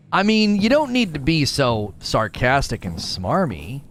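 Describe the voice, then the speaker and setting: A man's voice: mid-range voice, wildly swooping pitch, measured pace, few pauses, a bit bright, slight background noise. A man hosting a gaming channel, commenting live as he plays, joking and poking fun at himself. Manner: joking and self-mocking, playful asides to viewers. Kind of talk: live let's play commentary.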